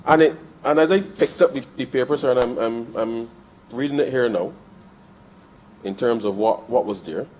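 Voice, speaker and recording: A man's voice: medium pitch, moderate pace, slight background noise. Barbadian man debating in parliament. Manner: addresses the chair as "sir" nearly every phrase; repeats and restarts phrases, building to forceful emphasis. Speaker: member of parliament. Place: parliament chamber.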